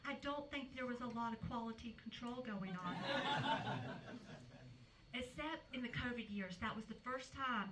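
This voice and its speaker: A woman comedian with a somewhat high voice works through a brash, frank stand-up set, laughing at her own lines. She is recorded live from a little way off the mic, with a noisy room behind her. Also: unhurried, long pauses, far from the mic.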